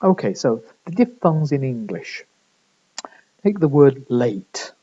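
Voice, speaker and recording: A male lecturer walks through his material slowly and patiently, one step at a time. His voice is dark and a little husky. The recording sounds muffled and lo-fi. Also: medium pitch, very animated. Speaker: university lecturer.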